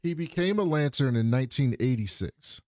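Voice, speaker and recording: A man's voice: medium pitch, moderate pace, dry recording, clean studio sound. Man animatedly recapping a show. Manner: animated storytelling, profane. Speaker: podcast co-host. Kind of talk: casual TV recap chat.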